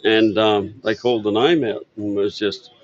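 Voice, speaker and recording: At an outdoor expo stand, an older man from Australia tells relaxed, meandering stories about his parts business in a casual interview, filling the gaps with lots of fillers. His voice is fairly low with fairly even intonation and a normal speed, and the recording is dry and dull.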